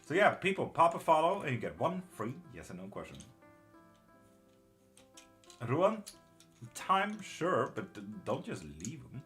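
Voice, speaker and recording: A middle-aged tarot reader and witchcraft teacher does a casual tarot reading on a live stream, reading out chat and muttering curses under his breath. His voice is fairly high and fairly bright, sing-song, at a normal speed. Faint music plays in the background.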